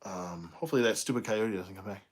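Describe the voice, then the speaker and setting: A man chatting casually while unboxing toys at home, rambling through stories and laughing often. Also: fairly low pitch. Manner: rambling storyteller, laughs often, drawn-out pauses. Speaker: toy collector reviewer. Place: home room.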